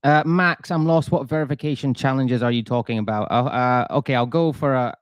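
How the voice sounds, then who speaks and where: A man's voice: medium pitch, brisk, clean tone, no echo, muffled recording. A man talking casually on a live trading stream, chatty and self-deprecating, full of restarts and asides to viewers. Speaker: forex trader streamer.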